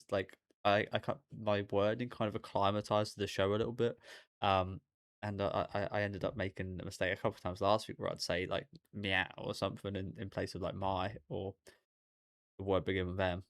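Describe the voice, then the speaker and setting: This young man speaks in a deep voice roughened by vocal fry, rambling loosely as if talking aloud to himself. He wanders between thoughts in casual reaction commentary. The recording is close and dry, with no room sound around him. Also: flat delivery, a little fast, no echo. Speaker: anime reaction host.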